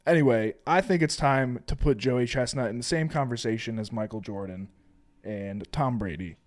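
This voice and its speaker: A man co-hosting a casual sports betting podcast, relaxed and plain-spoken. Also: medium pitch, moderate pace. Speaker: podcast co-host.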